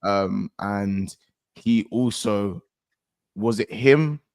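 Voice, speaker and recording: Young male co-host, low voice, level and thoughtful, dry mic. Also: creaky, darkish tone, no echo. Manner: measured, hedging with "I'm pretty sure". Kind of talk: casual football chat.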